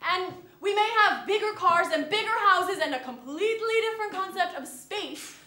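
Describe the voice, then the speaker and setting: An actress with an American accent playing a proud American wife who snaps back indignantly in a comic argument. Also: female voice, very high-pitched, expressive, normal speed, heavy background noise. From USA. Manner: indignant, combative comebacks. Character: brash, proud American wife, quick to bicker. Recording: roomy live stage sound.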